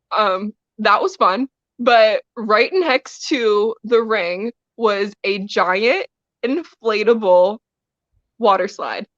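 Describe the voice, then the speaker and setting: A woman's voice: medium pitch, a bit bright, no room sound, muffled recording. A woman wrestler guest telling a story in a casual interview, laughing often as she talks. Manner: giggly, laughs often while telling stories.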